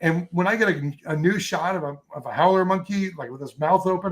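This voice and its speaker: A man in a relaxed interview, rambling happily through his stories with plenty of ums and restarts. His voice sits on the higher side for a man. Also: brisk. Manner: enthusiastic, rambling storyteller with many fillers. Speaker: photographer guest. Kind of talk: casual interview chat.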